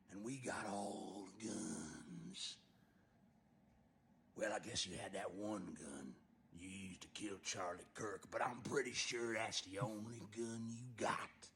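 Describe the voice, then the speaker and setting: A man voicing a menacing mock Southern hillbilly man with a put-on Southern US drawl and hushed, threatening asides. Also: lowish voice, takes it slowly, gravelly, slight background noise, exaggerated voice. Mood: mock menace.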